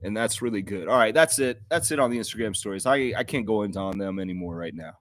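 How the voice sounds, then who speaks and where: A man's voice: fairly low pitch, quick pace, no echo, clean studio sound. A man hosting a live fan stream, talking earnestly and emotionally in a heartfelt, apologetic way, often restarting his sentences. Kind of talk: unscripted live stream monologue.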